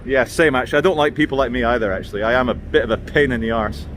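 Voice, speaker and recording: A man's voice: mid-range voice, quick pace, fairly bright tone, slight background noise. A man filming a walking vlog outdoors in a city, giving jokey, chatty tour-guide commentary. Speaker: vlogger.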